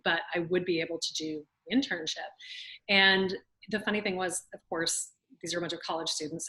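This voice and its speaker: A woman's voice: fairly low pitch, low-quality recording. Southern woman telling a story. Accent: Southern US (Louisiana). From Louisiana, USA. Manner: lively, laughs often, acts out quotes. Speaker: guest. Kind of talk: storytelling in an interview. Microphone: video call.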